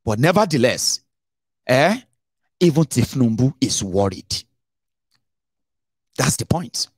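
A middle-aged Nigerian man hosting a casual political commentary show, animated and mixing Pidgin into his English, with dramatic swings in pitch. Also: no echo, clean studio sound. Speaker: host.

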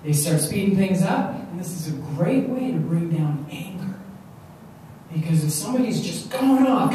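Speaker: New woman, mellow, animated, live talk, miked from afar in a very echoey hall. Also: fairly low pitch, normal speed. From Long Island, New York. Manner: animated, repeats words, acts out quotes. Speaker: stress management speaker. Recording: echoey hall, distant mic, faint noise.

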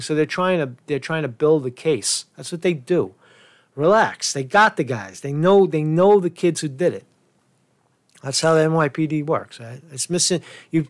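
A man's voice: fairly high pitch, no echo. A man hosting a news commentary show, reading reports and arguing with rhetorical questions in a rambling manner.

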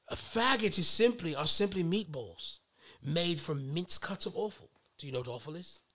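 Snooty British man lecturing Americans, put on by a man. Condescending and bright, with a lively swing in pitch. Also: no room sound, exaggerated voice. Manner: haughty, condescending, mock-refined. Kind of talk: comedic put-on British accent.

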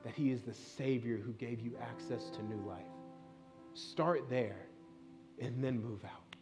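A pastor in his thirties preaches to his church in an earnest, conversational voice of ordinary pitch, telling personal stories along the way. Soft instrumental music plays faintly behind him. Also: unhurried. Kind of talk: sermon. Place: church sanctuary.

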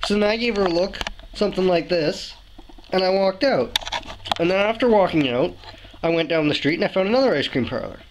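A young man from Canada, telling a story to his camera indoors in an animated, exasperated way. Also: sits high, a little fast, background noise. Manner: animated, ranting, exasperated asides. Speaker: vlogger. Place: indoors, room with a window. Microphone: camera mic, talking to camera.

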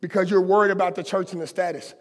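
Male pastor, high voice, passionate conversational sermon, church hall reverb. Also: fairly even intonation, fast talker. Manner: impassioned, conversational preaching with colloquial asides. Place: church sanctuary.

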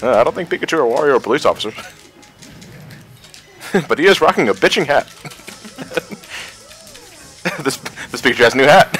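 A man's voice: mid-range voice, expressive, fast, a bit bright, faint music behind. A man giving wry, laughing commentary on a fighting game and explaining its changes. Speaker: gaming channel co-host. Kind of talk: casual let's-play commentary.

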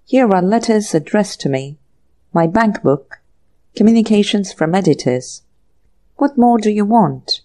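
A woman reading an audiobook, voicing a breezy young gentleman writer who talks casually and nonchalantly. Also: medium pitch, animated, unhurried, close to an everyday voice.

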